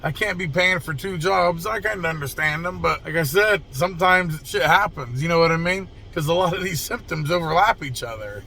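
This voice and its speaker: A young adult man tells a story to his viewers in a blunt, profane, conversational way. His voice sits high and has a bright, gravelly edge. A faint hiss runs under the recording. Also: fairly quick, hardly any pauses. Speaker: mobile mechanic and channel host. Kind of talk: casual storytelling to camera.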